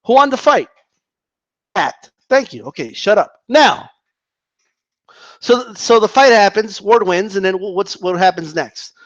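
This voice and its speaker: A man rants at his viewers about boxing. He argues and mocks, and his high voice leaps all over the place. The recording is dry and a little muffled. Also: measured pace, long pauses, dry recording. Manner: animated, argumentative, mocks opponents in high voices. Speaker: boxing commentator. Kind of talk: casual ranting commentary.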